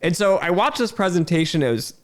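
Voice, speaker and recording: A man's voice: sits high, expressive, brisk. A man ranting in a frustrated, emphatic way, repeating himself with fillers and restarts. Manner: irritated and incredulous. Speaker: video host. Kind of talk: frustrated talking-head rant.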